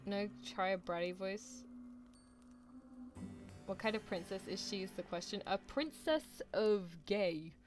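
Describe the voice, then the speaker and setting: A woman's voice: medium pitch, a little slow, long pauses. A woman with a mid-range voice reads a visual novel aloud on her stream, breaking off for playful, giggly asides to her chat. Faint music plays underneath.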